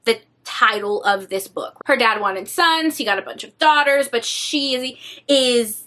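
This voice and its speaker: Animated high-voiced woman book vlogger. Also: a little slow. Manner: animated, dramatic, swears freely. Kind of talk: casual reading vlog chat.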